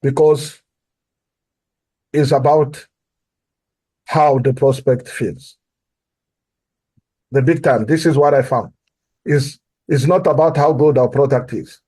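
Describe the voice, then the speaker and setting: A man's voice: medium pitch, steady tone, takes it slowly, long pauses, dark tone, breathy edge. Earnest man with an African accent. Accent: non-native English. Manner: earnest, repeats key phrases for emphasis. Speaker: guest. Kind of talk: sales coaching talk.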